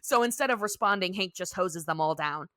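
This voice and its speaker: A woman co-hosting a podcast, animatedly recapping an episode in casual chat and dipping into quick character voices. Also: fairly low pitch, background noise. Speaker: podcast co-host.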